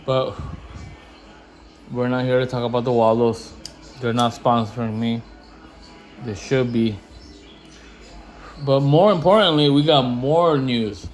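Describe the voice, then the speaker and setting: A man ranting casually to camera in slangy, profane talk, getting louder when he is indignant. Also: mid-range voice, slow pace, pauses often, faint music behind, poor audio. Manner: slangy, animated, swears freely; rising loud when indignant. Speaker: investing vlogger.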